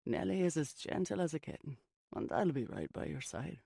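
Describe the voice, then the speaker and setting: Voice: medium pitch, lively intonation, moderate pace, vocal fry, dark tone, husky, no echo, studio quality, full character voice. A reader doing an exasperated Scottish stable hand. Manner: exasperated, scolding. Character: young Scottish man, stable hand, frustrated worrier.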